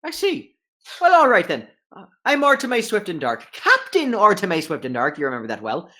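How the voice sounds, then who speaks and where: A man voicing a small, brash female gnome ship captain who talks loud and bossy. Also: sits high, wildly swooping pitch, fairly quick, voice pushed up, exaggerated voice. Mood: brisk.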